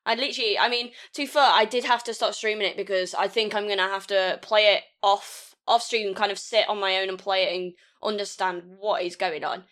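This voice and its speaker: A woman's voice: mid-range voice, fairly even intonation, a little fast, hardly any pauses, a bit bright. A woman co-hosting a casual podcast chat, rambling and laughing often as she talks. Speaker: podcast co-host.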